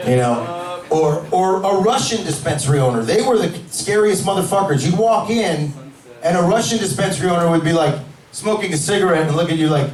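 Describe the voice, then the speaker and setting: A man performing a stand-up comedy set in a club, brash, profane and energetic. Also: high-pitched, brisk. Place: cannabis club stage. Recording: echoey club from far off, crowd.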